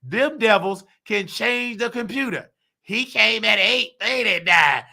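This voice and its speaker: Heated hoarse man with a high gravelly voice. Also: expressive, unhurried, sharp tone. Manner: preachy, heated, acts out quoted voices, calls listener baby. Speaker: show host. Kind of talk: animated personal rant.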